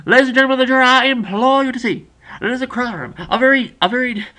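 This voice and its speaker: A man's voice: extremely high pitch, quick pace, bright, forceful tone, pitched above the performer's own voice. A man putting on a pompous Southern lawyer. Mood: grandiose. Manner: grandiose, dramatic courtroom oratory.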